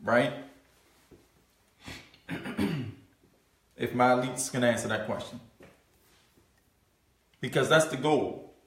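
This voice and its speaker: A man's voice: medium pitch, slow, long pauses. A middle-aged man giving a motivational business coaching talk, emphatic and preachy, with casual slangy grammar and a constant "you know what I'm saying". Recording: roomy and distant from the mic.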